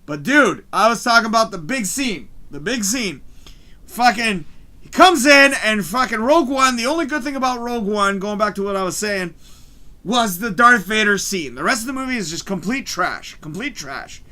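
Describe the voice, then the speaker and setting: A man hosting a live stream from his home, ranting excitedly about a show, swearing constantly and shouting at the big moments, his mic distorting when he gets loud. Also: high-pitched, normal speed. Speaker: livestream host. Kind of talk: excited live review rant. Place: home room, early morning.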